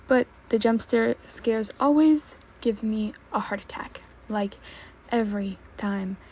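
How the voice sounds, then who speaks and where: A woman's voice: on the high side, vocal fry, warm tone, slight background noise. A woman reading fanfiction aloud in a casual, unpolished way. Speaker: fanfiction reader.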